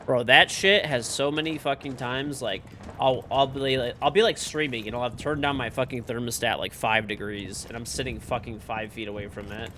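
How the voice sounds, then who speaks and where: A man's voice: mid-range voice, steady tone, normal speed, few pauses, noisy background. A young man live-streaming a game from home, rambling casually and swearing, with lots of "like" in his speech. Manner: rambling and profane, full of "like". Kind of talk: casual live-stream chat while gaming.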